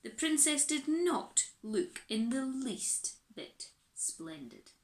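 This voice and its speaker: A woman reading a children's picture book aloud in an animated, expressive way, recorded in an echoey room. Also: sits high, slow pace. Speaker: storyteller.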